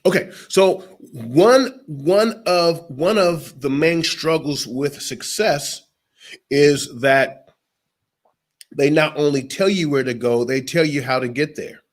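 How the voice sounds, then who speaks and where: A man's voice: a little high, slow. Emphatic motivational speaker, a man. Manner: preachy, emphatic, addresses listeners directly. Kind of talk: motivational interview talk.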